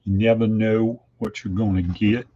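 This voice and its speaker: A man's voice: on the low side, steady tone, normal speed, lo-fi sound, a little hiss or hum, lightly acted. A man doing a weak, half-hearted impression of a simple, earnest Southern man quoting his mama.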